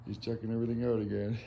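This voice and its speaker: A man hosting a casual live stream at home, coaxing his pets in a high sing-song voice and dropping in Spanish words. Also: vocal fry, mellow, highs cut off. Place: home kitchen.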